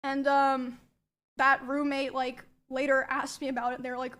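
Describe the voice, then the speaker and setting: A young woman quietly recounting a painful past experience, hesitant, with many pauses. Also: sits high, monotone. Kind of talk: personal account of a painful past.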